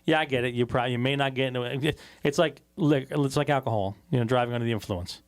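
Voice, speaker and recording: A man co-hosting a podcast, telling a profane story in a casual, animated way. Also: mid-range voice, quick pace. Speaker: podcast co-host. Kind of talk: casual chat.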